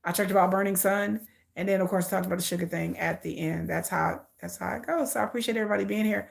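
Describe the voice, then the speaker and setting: A woman's voice: medium pitch, fairly even intonation, fast, vocal fry. A woman hosting a casual live stream, talking in an emphatic, repetitive way and calling her viewers y'all. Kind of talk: casual livestream commentary.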